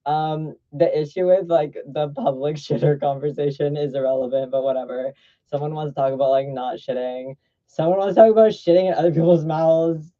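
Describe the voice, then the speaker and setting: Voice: mid-range voice, a little fast, warm tone, lo-fi sound. A drag performer delivering a blunt, sassy vlog rant, swearing freely and drifting off mid-thought. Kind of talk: ranting vlog monologue.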